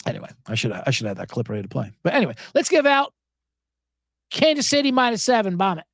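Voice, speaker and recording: A man's voice: high voice, wildly swooping pitch, quick pace, fairly bright tone. A man hosting a sports betting show, chatting casually in a rambling, sarcastic way with frequent swearing. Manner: rambling, profane, sarcastic asides. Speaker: sports betting podcast host. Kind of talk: casual solo chat.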